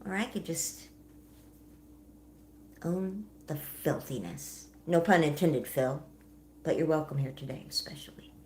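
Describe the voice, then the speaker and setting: A woman's voice: low-pitched, normal speed, a little mellow, a little hiss or hum. A young woman hosting a livestream, chatting casually, laughing often and answering her chat as she goes. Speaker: livestream host.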